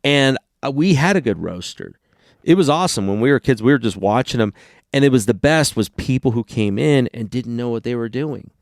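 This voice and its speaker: A man's voice: mid-range voice, lively intonation, a little fast, no room sound, clean studio sound. A man in his forties co-hosting a casual podcast chat, telling rambling, profane stories. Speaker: podcast co-host.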